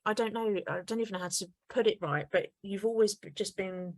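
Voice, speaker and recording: A woman's voice: mid-range voice, brisk, darkish tone, no room sound. A woman co-hosting a podcast, praising her guest in long, effusive, running sentences. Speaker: podcast co-host. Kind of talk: casual interview chat.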